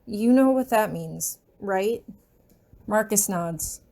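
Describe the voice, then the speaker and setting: A woman reading her fan fiction aloud in a gentle, unhurried storytelling manner. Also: medium pitch, animated, creaky.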